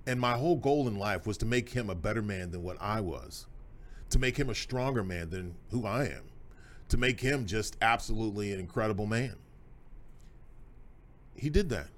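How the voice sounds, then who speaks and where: A middle-aged man, hosting a podcast and telling folksy, emphatic stories as a proud father. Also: fairly low pitch. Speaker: host. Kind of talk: podcast conversation with his son.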